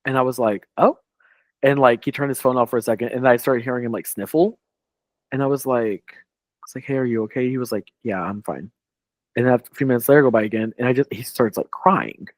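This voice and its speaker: Male podcast co-host, mid-pitch, rambling anecdote, dry booth sound. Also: steady tone, fast talker, no echo. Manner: rambling, heavy on "like", quoting others. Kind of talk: casual storytelling chat.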